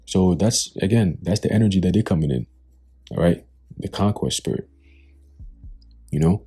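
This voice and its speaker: A man's voice: low voice, moderate pace, pauses often, mellow, slightly rough. A man giving scornful, preachy commentary on the news and reading scripture, swearing freely. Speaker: religious commentator.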